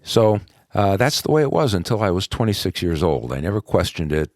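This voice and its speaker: A man's voice: low voice, sing-song, a little fast, darkish tone, dry recording, clean studio sound. A man from New York, a podcast guest, telling his personal testimony in a conversational way with frequent "uh" fillers. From New York, USA.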